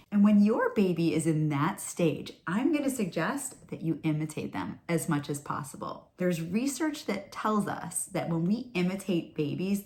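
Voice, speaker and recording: A woman's voice: low voice, a little mellow. A woman giving a chatty, reassuring talking-head lesson on early language for parents, with questions and asides. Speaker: speech and language educator.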